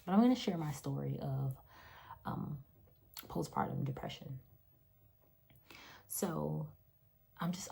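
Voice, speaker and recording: A woman's voice: deep voice, creaky, darkish tone, husky. A woman and mother of three telling her own story into her phone's front camera, emotional and earnest, repeating phrases for emphasis. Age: adult, mother of three. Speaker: vlogger sharing a personal story. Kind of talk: personal testimony vlog.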